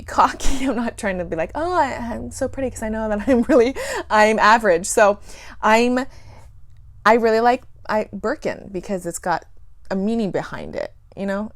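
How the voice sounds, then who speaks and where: A woman's voice: mid-range voice, dry recording. A woman chatting casually in a plant vlog, giggling often and rambling through self-deprecating asides. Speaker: plant YouTuber.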